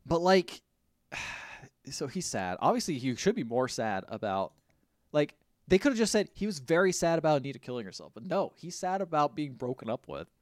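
A man co-hosting a podcast, casually retelling a movie plot in an animated, rambling way. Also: fairly high pitch, moderate pace, no echo, clean studio sound. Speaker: podcast co-host. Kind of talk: casual movie recap chat.

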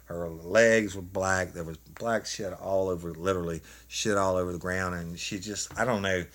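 A former police officer with a drawl spins a story in a relaxed, folksy way. His voice sits fairly low, and he keeps things animated with laughter throughout. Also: moderate pace. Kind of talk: casual storytelling chat.

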